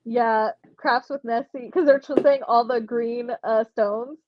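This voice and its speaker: High-pitched young woman chatting on a stream, giggly, reads chat comments, dry dull mic sound. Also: steady tone, a little slow, dry recording. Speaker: livestream host running a giveaway. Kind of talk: casual livestream chat.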